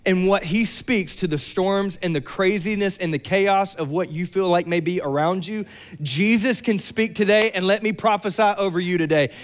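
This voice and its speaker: A young adult man preaching a sermon, lively and joking with playful asides. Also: high voice, moderate pace. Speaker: pastor.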